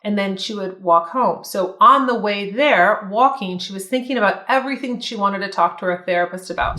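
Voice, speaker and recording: A woman's voice: mid-range voice, fairly bright tone. A woman vlogger giving earnest, reflective advice straight to her viewers. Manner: earnest, reflective, reads quotes aloud. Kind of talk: casual advice talk to camera. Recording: echoey room.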